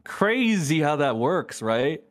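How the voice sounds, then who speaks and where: A man's voice: a little high, sing-song, slow pace. A man on a voice call, arguing in a heated, profane rant. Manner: angry, ranting, swears a lot. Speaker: streamer in a debate.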